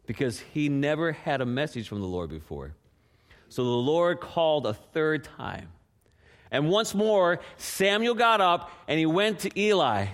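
Animated man preaching a sermon. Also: fairly high pitch. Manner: animated, acts out the scripture voices; drops to a soft hush for prayer. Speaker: pastor.

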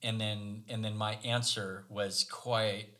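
Wry low-voiced man telling a story. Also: takes it slowly. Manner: self-deprecating, wry, animated retelling. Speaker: podcast co-host. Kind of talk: casual conversational storytelling.

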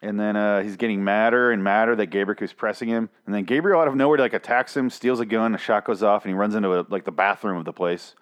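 A man's voice: lowish voice, steady tone, quick pace, few pauses, smooth. A man casually recapping a TV episode, rambling and swearing, with sarcastic asides.

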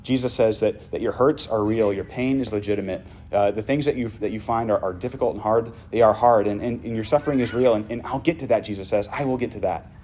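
Low-voiced pastor telling a vivid story. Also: male voice, quick pace, hardly any pauses, a little hiss or hum. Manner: vivid storytelling, dropping to hushed tones. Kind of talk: sermon.

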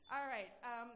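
A woman's voice: fairly high pitch, highs cut off, noisy background. Wry, chatty woman. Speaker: guest speaker. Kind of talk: casual talk to a congregation. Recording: long reverb hall.

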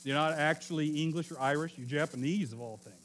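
A middle-aged pastor from Oklahoma preaches a sermon like a relaxed, conversational story, joking and correcting himself along the way. His voice is fairly high, and he talks fast.

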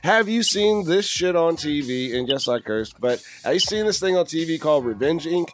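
A male podcast host with a voice pitched a bit high, chatting loosely and wandering from story to story. He swears casually and slips into little acted-out quotes, with faint music playing behind him. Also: animated, moderate pace.

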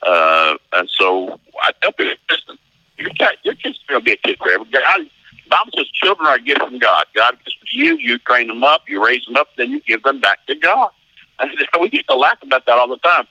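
Middle-aged male pastor, folksy storyteller; very bright, dry close sound. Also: medium pitch, wildly swooping pitch, fairly quick, dry recording, dull audio. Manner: folksy, acts out voices in stories, laughs often. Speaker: pastor and marriage seminar teacher. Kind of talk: animated interview storytelling.

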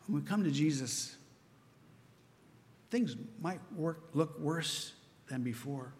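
Male pastor, earnest conversational preaching, slightly higher voice, long church-hall reverb. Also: a little slow, pauses often, darkish tone. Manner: earnest, conversational preaching with frequent "right?" asides. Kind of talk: sermon.

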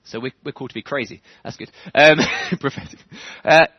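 A man preaching a sermon in church, animated, chuckling often and building to fervent emphasis. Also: fairly high pitch, a little fast, no echo. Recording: dull lo-fi church recording.

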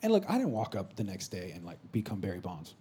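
A man in his thirties, a pastor preaching a sermon in a church, moving between loud exclamations and soft whispered asides. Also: sits low, wildly swooping pitch, fast, slight background noise. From California. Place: church sanctuary.

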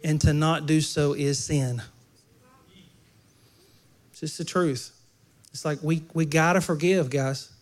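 A man's voice: on the high side, fairly even intonation, slow, long pauses. Man preaching a casual sermon. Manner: conversational, jokes with the congregation. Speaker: pastor.

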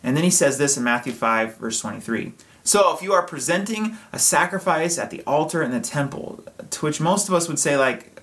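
A man gives a sermon as a pastor, speaking in an easygoing, chatty way rather than a formal one. He plays out imagined conversations as he goes. His voice sits a bit high for a man. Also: a little fast, few pauses. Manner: conversational, animated, acts out imagined dialogue.

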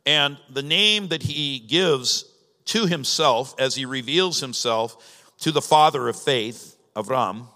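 A man's voice: medium pitch, takes it slowly, sharp tone. A man preaching a sermon as pastor, teaching in a conversational way with emphatic rises. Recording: long reverb of a large hall.

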